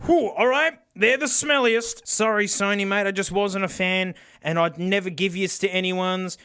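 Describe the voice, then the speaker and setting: Excitable sarcastic Australian man reviewing gadgets. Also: moderate pace, a little hiss or hum. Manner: excitable and sarcastic, laughing, with big pitch swings. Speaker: host reviewing cheap headphones. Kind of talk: comedic product review.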